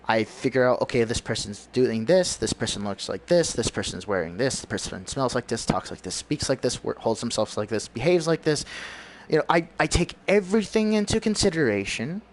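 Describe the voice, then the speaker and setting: A man's voice: medium pitch, lively intonation, fairly quick, slight background noise. A man giving a rambling, preachy monologue on his livestream, often searching for words. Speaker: livestream host.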